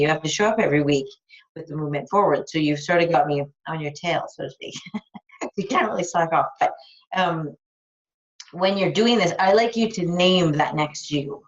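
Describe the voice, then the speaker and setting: A woman life coach on a live call, talking frankly and enthusiastically with casual swearing. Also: deep voice. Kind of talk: live coaching call, answering a listener's question. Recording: dull lo-fi recording.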